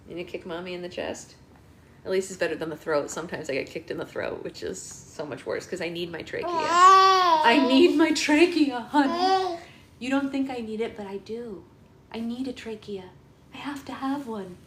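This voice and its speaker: A woman chatting in playful baby talk, her voice swooping high and low with lots of melody. She coos in a sweet, singsong way, with faint background noise. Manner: singsong, exaggerated sweet cooing. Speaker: livestream book club host.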